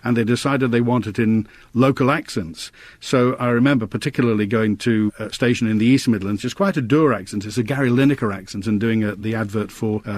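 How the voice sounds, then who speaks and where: A man who works as a voice-over artist, recalling his work in a lively, anecdotal interview. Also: mid-range voice, no room sound. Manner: lively storyteller, vivid turns of phrase.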